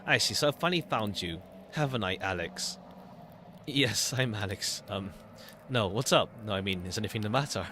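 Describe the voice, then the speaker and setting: A man's voice: fairly low pitch, animated, normal speed, pushed and bright, slight background noise. A man streaming a story game, reading its dialogue aloud and switching between characters.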